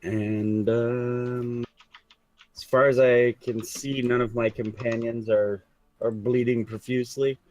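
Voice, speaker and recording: A man playing a tabletop game, describing his character's moves in a hesitant, halting way. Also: medium pitch, little pitch movement, darkish tone, no echo. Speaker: player.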